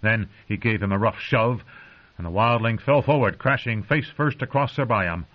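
A man reading an audiobook in a steady, dramatic narration, on a dull lo-fi recording. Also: on the low side, normal speed.

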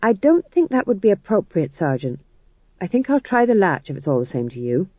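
A man's voice: high-pitched, sing-song, brisk, dry recording, narrow, tinny audio. A man voicing a fussy, polite young male king in an audiobook reading. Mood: plaintive. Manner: prim, plaintive. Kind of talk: audiobook narration.

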